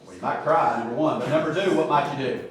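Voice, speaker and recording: A man's voice: mid-range voice, fast talker, far from the mic, slight background noise. A middle-aged man leading an informal Bible study, talking conversationally with joking asides and acting out little scenes. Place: church room. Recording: echoey room, voice from afar.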